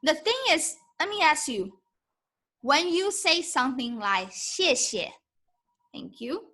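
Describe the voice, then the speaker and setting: Female Mandarin teacher, high voice, unhurried pace, encouraging. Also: big pitch swings, pushed and bright. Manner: mixes English and Mandarin, demonstrates tones by drawing out syllables; encouraging, asks "okay?" often. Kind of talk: live-stream language lesson.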